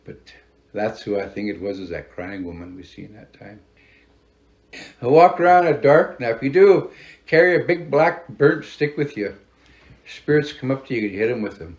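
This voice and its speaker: An older man from Montana, a tribal elder, telling stories in an unhurried, rambling way with many fillers. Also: mid-range voice, big pitch swings. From Fort Belknap, Montana, United States. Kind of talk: oral storytelling interview.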